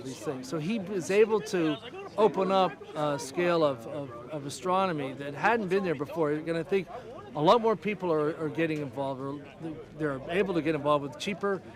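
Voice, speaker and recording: A man, an amateur astronomer, explaining telescopes with growing enthusiasm in an outdoor interview. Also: fairly high pitch.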